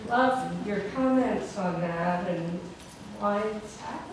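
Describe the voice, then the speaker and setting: Woman in audience, slow halting question, far from mic, echoey room with noise. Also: mid-range voice. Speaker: audience member asking a question.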